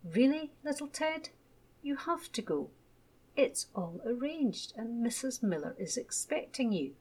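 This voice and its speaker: A woman voicing a gentle, patient mother in a children's storybook, coaxing and reassuring. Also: on the high side, big pitch swings, a little slow, husky, voice pushed up, full character voice.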